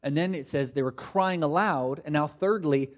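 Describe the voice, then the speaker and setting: A man's voice: on the high side, moderate pace. Man preaching with mocking asides. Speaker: pastor. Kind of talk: sermon.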